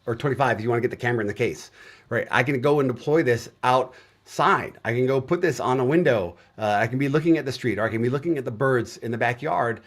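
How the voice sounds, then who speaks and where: Relaxed middle-aged man telling stories. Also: medium pitch, fast talker. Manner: relaxed storytelling with frequent "uh" fillers. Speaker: guest software developer. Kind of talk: casual conversation on a video show.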